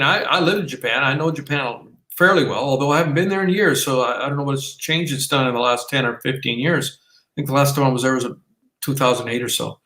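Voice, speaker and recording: A man with a bright, forward voice co-hosts a casual podcast and rambles through his points, restarting sentences and reaching for fillers. The recording sounds roomy, with noticeable echo. His pitch sits in a middling range. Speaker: podcast co-host.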